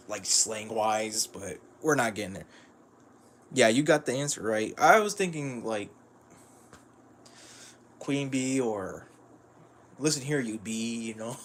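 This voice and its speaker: Man, livestream commentary, lowish voice, rambling, lots of fillers, chuckles, faint background noise. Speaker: streamer reviewing manga.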